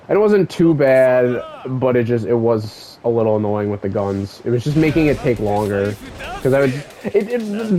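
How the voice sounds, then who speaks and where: Rambling, excitable young gamer guy. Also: mid-range voice, rough recording. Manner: rambling, profane, excitable asides. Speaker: let's play gamer. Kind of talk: casual game story recap.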